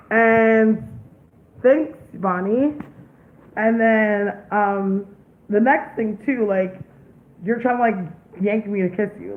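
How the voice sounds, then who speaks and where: A woman's voice: medium pitch, slow pace. A young woman vlogger telling a story in a casual, blunt and profane way, with lots of emphasis. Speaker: psychic medium vlogger. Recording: tinny phone-like sound, faint hiss.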